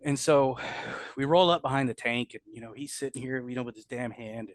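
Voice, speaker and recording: A man's voice: mid-range voice, a little fast, dry recording. A middle-aged man, a combat veteran, telling his war memories in an interview, blunt and profane, with many restarts. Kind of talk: candid storytelling interview.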